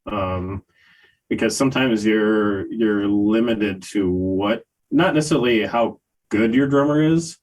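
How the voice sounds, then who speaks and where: An older man co-hosting a music review podcast, talking in a casual, hesitant way with many pauses and fillers. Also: lowish voice, rough recording. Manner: slow, hesitant, many ums and uhs. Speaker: podcast co-host reviewing albums. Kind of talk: casual chat.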